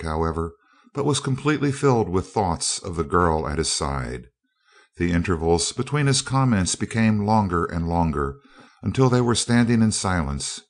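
A male narrator reading a novel aloud as an audiobook. His voice is very deep and low, and he tells the story at a steady, even pace. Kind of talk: scripted narration.

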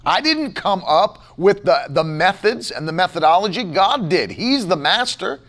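A man's voice: sits high, very animated, normal speed, fairly bright tone. A man pastor preaching a sermon, emphatic and repetitive, firing off rhetorical questions.

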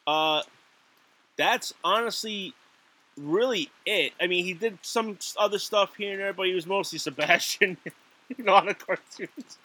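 Male podcast co-host, giggly and rambling, bright forceful voice, slightly high. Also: measured pace. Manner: giggly, rambling with fillers and restarts. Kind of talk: casual chat.

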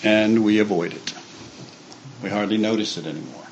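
Low-voiced man giving a casual sermon. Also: moderate pace, lo-fi sound, slight background noise. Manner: conversational, with many fillers and restarts. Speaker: church speaker. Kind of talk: informal sermon talk.

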